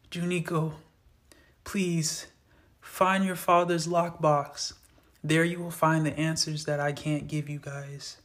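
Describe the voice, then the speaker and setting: A man voicing a badly wounded dying father who speaks slowly in a strained, pained voice. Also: a little high, natural voice. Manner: slow, strained, pained pleading.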